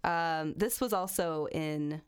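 A woman's voice: low-pitched, slow, clean tone. A woman co-hosting a casual chat podcast, telling a true-crime story with lots of fillers and frequent laughter.

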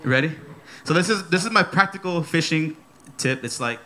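A man in his thirties preaching a sermon at a church service, energetic and playful, repeating his key phrases. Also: a little high, a little fast, heavy background noise. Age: 30s.

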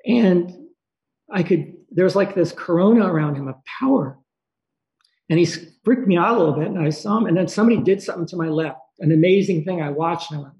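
A man telling a personal story in a halting, emotional way, pausing and restarting often. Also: sits high, a little mellow. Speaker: speaker sharing a personal story. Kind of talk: personal storytelling, reflective monologue. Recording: dull lo-fi recording.

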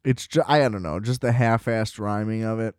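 A man's voice: on the low side, normal speed, smooth, no room sound, studio quality. Man ranting casually on a podcast. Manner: ranting, profane, laughing at his own gripes. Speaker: podcast co-host. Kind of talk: casual movie-review podcast chat.

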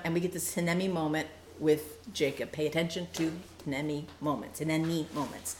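A woman teaching a Bible study, animated and playful, acting out quoted lines with quick asides. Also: low voice, roomy sound, a little hiss or hum.

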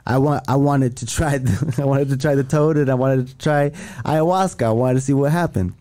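Rambling, profane man with a dark voice. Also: mid-range voice, brisk. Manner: rambling, profane, many restarts. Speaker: podcast guest. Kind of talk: casual chat.

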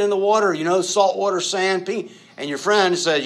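A man's voice: sits high, brisk, few pauses. Conversational middle-aged male preacher. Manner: conversational preaching, self-deprecating, laughs at himself; rises to loud emphatic peaks. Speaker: pastor. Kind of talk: sermon.

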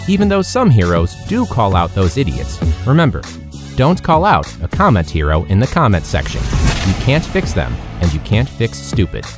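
A man's voice: on the low side, moderate pace, loud music behind the voice. A man hosting a casual podcast, ranting sarcastically with swearing and laughter as he talks about teaching. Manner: animated, swearing, sarcastic, laughing mid-sentence.

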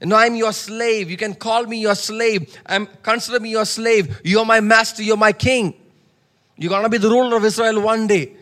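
A man's voice: high-pitched, steady tone, normal speed, a bit bright. A man voicing a wise, humble woman who earnestly pleads with a king as he retells a scripture story in a sermon. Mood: pleading.

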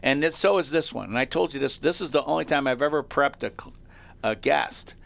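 A male talk show host excitedly telling feel-good stories in a chatty way, with frequent restarts. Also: mid-range voice, a little fast, creaky. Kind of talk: animated storytelling on a talk show.

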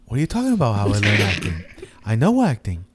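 A man's voice: lowish voice, wildly swooping pitch, fast talker, background noise. A man co-hosting a comedy podcast, joking crudely and riffing in casual chat.

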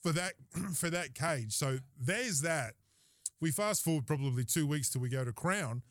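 A slightly high-voiced Australian man chats on a podcast, telling a story with lively energy and plenty of laughter. He acts out the lines of the people in it, and the recording is close and dry. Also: moderate pace, dry recording. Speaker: podcast host. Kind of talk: casual storytelling chat.

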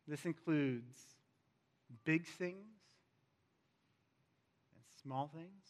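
A male pastor preaching a sermon in a church, slow and emphatic, repeating key words for weight. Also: fairly high pitch, expressive, pushed and bright. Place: church sanctuary with a screen. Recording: long reverb of a large hall.

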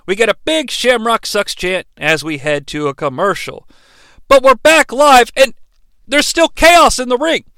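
A male podcast host recapping a wrestling broadcast in an animated, irreverent way, bursting into shouted impressions. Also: very high voice, measured pace, gravelly, clean tone, no echo.

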